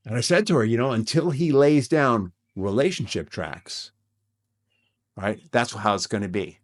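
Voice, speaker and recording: A man speaking in an average-pitched voice, hosting a relationship coaching podcast. He talks earnestly and gets excited, circling back and repeating phrases as he goes. He often tags his points with "right?". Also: normal speed. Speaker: podcast host.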